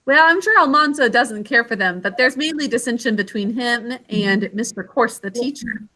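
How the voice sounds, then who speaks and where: A woman's voice: fairly high pitch, normal speed, pushed and bright. A woman teacher leading a vocabulary and spelling lesson. She asks the class questions, calls on students by name, and patiently sounds out each syllable.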